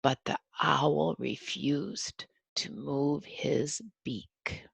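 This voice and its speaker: An older woman, a grandmother, reading a picture book aloud to a child, gently explaining and counting along. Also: deep voice, fairly even intonation, drawn-out words, creaky, husky, no room sound.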